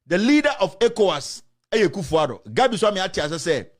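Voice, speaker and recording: Ghanaian-accented man, political host, passionate, lively pitch, mixes in Twi. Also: fast talker, hardly any pauses. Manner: impassioned, indignant ranting; switches between English and Twi. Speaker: show host. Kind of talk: political commentary.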